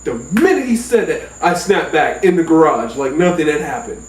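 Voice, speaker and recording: A man telling a personal story in a casual, profane, animated way. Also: normal speed. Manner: animated, profane, jumps into high yelps. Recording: roomy sound from a distant mic.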